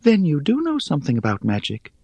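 A small, airy female spider, high above the man's own voice, who teases and lectures with lofty wit. Her delivery is lilting and dry, a storybook creature who is never in a hurry. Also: huge pitch swings, darkish tone, breathy edge, no room sound, heavily acted. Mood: wry. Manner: teasing, unhurried, superior. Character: tiny white spider, female, ancient, wry and hungry.

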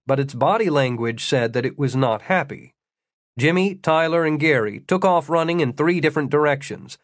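A man reading an audiobook, telling an adventure story in a measured way with dry humor. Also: medium pitch, no echo. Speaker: narrator. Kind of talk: audiobook narration.

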